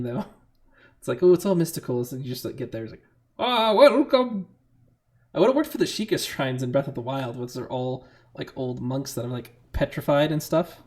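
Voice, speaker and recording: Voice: mid-range voice, a little mellow. A streamer chatting casually while playing a game, rambling with self-deprecating asides about the play. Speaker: gaming streamer. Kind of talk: casual let's-play commentary. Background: game music.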